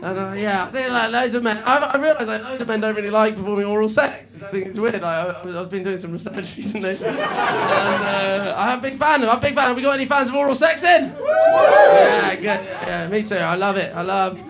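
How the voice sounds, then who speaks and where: A man's voice: high voice, a little fast, vocal fry, hardly any pauses. A man performing a stand-up comedy set on a club stage, chatty and self-mocking, often laughing and tripping over his words. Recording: live club audio with loud crowd laughter and noise.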